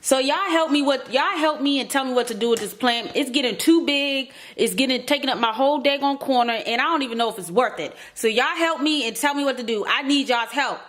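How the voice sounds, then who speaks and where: A woman's voice: high-pitched, brisk, hardly any pauses, fairly bright tone, roomy sound. A woman vlogging at home, frantic and pleading as she talks straight to her viewers. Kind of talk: casual vlog to camera. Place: indoors, home room with houseplants. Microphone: camera mic, lit by a ring light.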